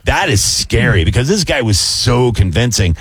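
A man's voice: mid-range voice, sing-song, moderate pace, husky, no echo, studio quality. A man telling a story in casual chat, acting out both sides of a phone call, full of "dude" and "like". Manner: says "dude" and "like" a lot.

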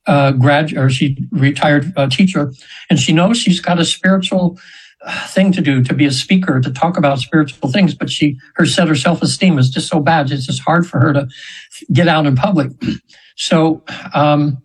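A man in his seventies, a hypnosis practitioner, telling stories in a chatty, rambling way with laughs and quick high voices for the people he quotes. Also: breathy edge, low-quality recording. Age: 70s. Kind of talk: storytelling in an interview.

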